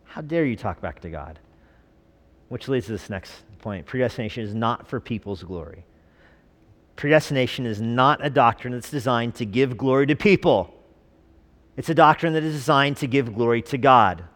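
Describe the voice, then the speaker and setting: Pastor guy preaching casual, joking around, mid-pitched voice, big echoey church. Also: moderate pace, fairly bright tone. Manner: conversational preaching with jokes and rhetorical questions. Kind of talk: sermon.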